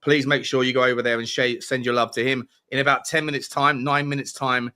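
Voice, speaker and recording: A young man hosting a livestream, energetic and rambling with restarts. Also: medium pitch, brisk, clean tone. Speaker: livestream host. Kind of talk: casual livestream chat.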